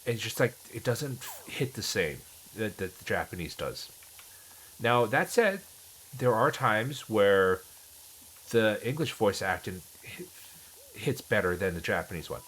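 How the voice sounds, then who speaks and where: A man's voice: fairly low pitch, sing-song, a little slow, fairly bright tone, slight background noise, rough recording. A man streaming a game and chatting casually with viewers, rambling with many restarts. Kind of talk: casual chat while gaming.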